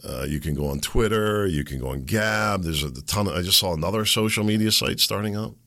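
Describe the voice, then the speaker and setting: A man's voice: sits low, brisk, creaky, pushed and bright, dry recording, studio quality. A male talk show host delivering a sarcastic, ranting political commentary monologue.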